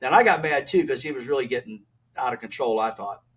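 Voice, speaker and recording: An older man, a retired race driver, telling animated stories as a podcast guest and acting out old exchanges in a blunt, folksy way. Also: medium pitch, fast, husky. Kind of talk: animated storytelling.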